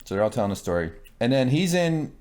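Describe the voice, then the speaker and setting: A man's voice: mid-range voice, quick pace, clean tone. A man co-hosting a casual shot-by-shot recap, joking, swearing and mimicking characters as he talks. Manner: animated, joking, voices characters mid-sentence, profane. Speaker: podcast co-host.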